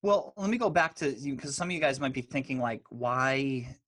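A man, a guest in an interview, telling stories in a loose, animated way full of fillers. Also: a little high, fast, no room sound. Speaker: guest, author and speaker. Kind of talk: casual interview storytelling.

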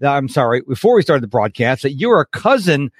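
A man's voice: medium pitch, big pitch swings, fairly quick, no echo, studio quality. A man hosting a podcast, talking emphatically in a casual interview. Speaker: podcast host.

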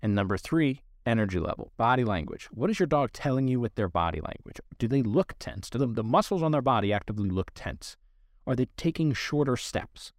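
A man's voice: medium pitch, animated, fairly quick, dry recording. Man explaining dog training, dry sound. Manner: earnest, explanatory, talks to listener directly. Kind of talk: instructional podcast talk.

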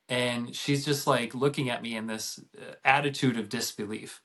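A man's voice: medium pitch, steady tone, moderate pace, few pauses, sharp tone. A middle-aged man, a podcast guest, telling a family story in a casual, rambling way with many restarts.

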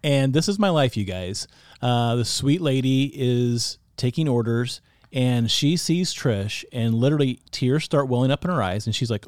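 A man's voice: mid-range voice, expressive, normal speed, a little mellow, no room sound, clean studio sound. A man co-hosting a podcast, chatting in an upbeat, casual way with frequent "uh"s. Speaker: podcast co-host. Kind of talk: casual chat.

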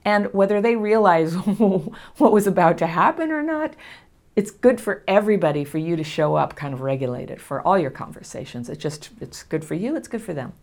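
A middle-aged woman calmly and reassuringly teaching about healing from trauma, laughing softly now and then. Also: on the low side, normal speed. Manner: gentle, reassuring, laughs often. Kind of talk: casual spoken lesson to camera.

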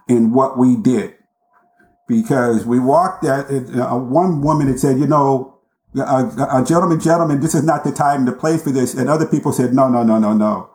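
Male guest, intense deliberate storyteller, mid-pitched, recorded in an echoey room. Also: a little mellow. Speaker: podcast guest. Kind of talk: storytelling in an interview. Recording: roomy echo.

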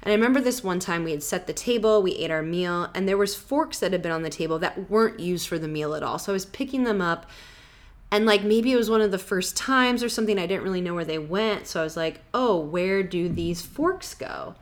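A podcast host with a fast, low-side voice tells travel stories in a casual, rambling way, packed with "like" and "you know".

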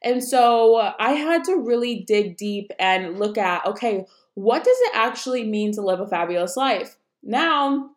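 A woman's voice: a little high, reverberant. A young woman hosting her own unedited podcast, chatting casually and rambling, with lots of "um" and "like", recorded at home. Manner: chatty, rambling, says um and like often. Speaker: podcast host. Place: room at home, busy road outside.

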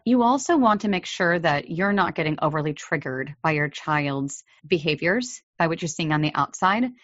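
Woman podcast host, lowish voice, earnest coaching delivery, dry dull lo-fi recording. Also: expressive, moderate pace, fairly bright tone, no echo, faint music behind. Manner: earnest, coaching, acts out parent quotes. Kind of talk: advice podcast monologue.

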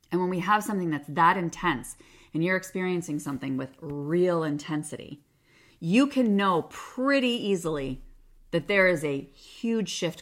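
A woman hosting a self-help podcast, talking in a casual coaching way and often saying "like". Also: low-pitched. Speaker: podcast host.

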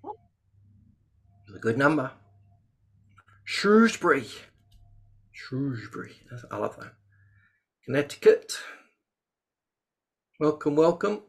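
A man's voice: fairly high pitch, slow pace, creaky, long pauses. Host, man, jokey and chatty, video call. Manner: chatty, jokey, lively bursts of excitement. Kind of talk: casual webinar chat.

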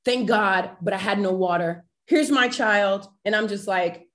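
A woman guest on a podcast, telling a personal faith story in an animated, emotional way and addressing listeners directly. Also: medium pitch, unhurried, few pauses. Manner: animated, emotional, acts out quoted voices.

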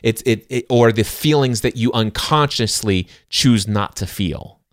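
A man's voice: mid-range voice, measured pace, no room sound. A middle-aged man co-hosts a casual podcast in an earnest, faith-driven way. He leans hard on key words and acts out his own inner voice. His mid-range voice sounds dry and close. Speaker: podcast co-host. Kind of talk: casual book-discussion podcast.

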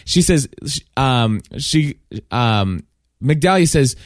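A man's voice: medium pitch, expressive, takes it slowly, no room sound. Earnest man on a podcast, dry sound. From Kentucky, USA. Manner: earnest, emotional, many restarts. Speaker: podcast host. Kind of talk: casual podcast chat.

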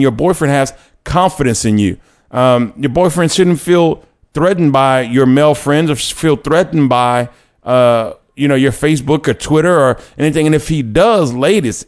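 A young man hosting a casual talk about dating and faith, chatty and joking, often correcting himself mid-sentence and acting out quotes. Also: mid-range voice. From Louisiana, United States. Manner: chatty and self-correcting, jokes and acts out quotes. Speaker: host.

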